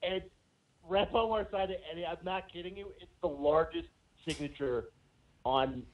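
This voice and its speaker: A man's voice: high-pitched, moderate pace, slight background noise. A man co-hosting a sports podcast, telling a rambling story with lots of fillers in casual chat. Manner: rambling anecdote with many fillers. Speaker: podcast co-host. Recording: phone-like narrow sound.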